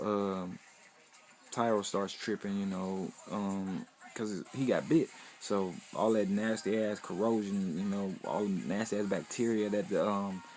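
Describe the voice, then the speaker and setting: A man's voice: lowish voice, darkish tone. A young man casually recapping an anime episode in a loose, rambling, profane way, full of "you know" fillers.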